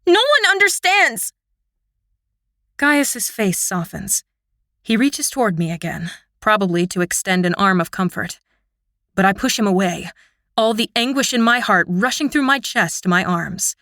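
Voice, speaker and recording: A woman reading a first-person fantasy audiobook with an expressive, emotional delivery. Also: medium pitch, normal speed, no echo, clean studio sound. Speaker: audiobook narrator.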